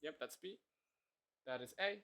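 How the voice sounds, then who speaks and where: A man with a bright, fairly high voice talks to his live-stream chat as he works through code. He thinks out loud and laughs often. He keeps it loose and pokes fun at himself. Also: expressive, unhurried, gravelly. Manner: chatty, thinks aloud, self-deprecating, laughs easily. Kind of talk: casual live-stream chat while coding.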